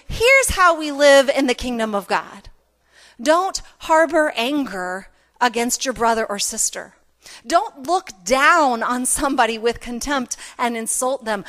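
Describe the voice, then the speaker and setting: A woman's voice: high voice, fairly bright tone. A woman pastor preaching a sermon in a conversational, self-deprecating way, with emphatic repetition.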